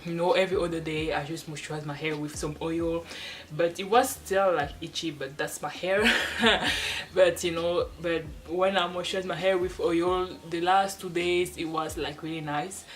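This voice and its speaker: A hair-care vlogger chats casually to the camera while seated at home in front of a wall, rambling with frequent restarts and little laughs. Her voice is fairly low and fairly even, at a moderate pace. The audio is poor, with slight background noise, and the camera sits off to the side.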